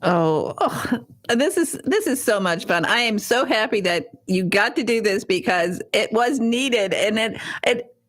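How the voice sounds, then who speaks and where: A woman's voice: mid-range voice, animated, a little slow, a bit bright. A woman hosting a radio interview in a studio, effusive and full of praise for her guest. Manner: effusive, praising, laughs often. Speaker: radio show host.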